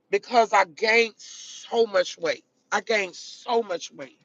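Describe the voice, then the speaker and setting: A woman's voice: medium pitch, lively intonation, slow, highs cut off. A woman chatting casually to her viewers on a live stream from a car, emphatic and repetitive, calling them baby, honey and girl.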